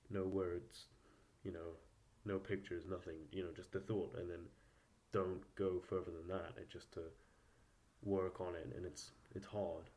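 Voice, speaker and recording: A man hosting a solo podcast, thinking aloud in a halting, rambling way with many restarts, his voice a little posh and nasal. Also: sits low, level tone, a little mellow. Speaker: podcast host. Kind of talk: solo reflective podcast monologue.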